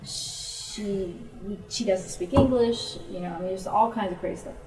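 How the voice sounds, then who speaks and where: A woman from the United States telling personal stories in a casual, animated way, often quoting other people's words. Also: mid-range voice, unhurried. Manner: animated storytelling with quoted voices. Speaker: speaker on Japanese culture. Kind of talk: casual talk. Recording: roomy, distant mic.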